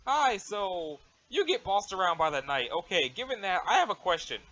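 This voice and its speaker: A man's voice: high voice, sing-song, normal speed, sharp tone, exaggerated voice. A man voicing an aloof, formal alien troll girl with stiff, overly proper wording, on a dull lo-fi mic.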